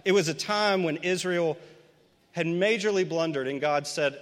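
Man, sermon, conversational and earnest, emphatic build-ups, high voice, long church-hall reverb. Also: normal speed. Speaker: pastor. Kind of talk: storytelling sermon.

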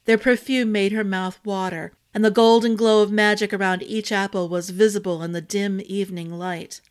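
A woman storyteller reading a fantasy novel aloud in a steady, expressive narration. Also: medium pitch, moderate pace, clear, resonant tone.

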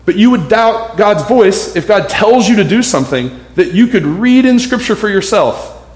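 A man's voice: high voice, animated, normal speed, roomy sound. A man preaching a sermon in a casual, conversational way, often checking in with his listeners. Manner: casual and conversational, asks the room questions.

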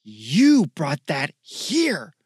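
A man's voice: on the high side, lively intonation, a little fast, no room sound, studio quality, close to an everyday voice. A man voicing a stern, fierce young woman warrior who talks in a commanding, intense way. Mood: furious.

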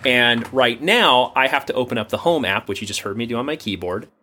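Bright-voiced American man, enthusiastic. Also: mid-range voice, lively intonation, brisk. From United States. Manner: enthusiastic, jokey, rambling. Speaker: podcast co-host. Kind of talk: casual tech chat. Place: home office. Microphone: remote call mic.

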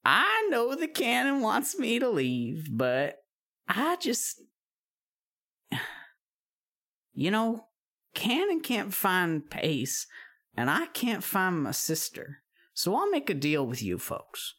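A woman's voice: medium pitch, wildly swooping pitch, slow, long pauses, a bit bright, voice pushed up, exaggerated voice. A woman voicing an old witch who lives in a run-down shack, sighing and dramatic in a folksy drawl. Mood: pleading.

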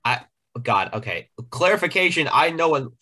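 A man's voice: on the high side, sing-song, pushed and bright. A young man co-hosting a casual podcast, teasing his co-host and laughing easily. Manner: teasing, quick to laugh, explains things. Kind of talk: casual chat.

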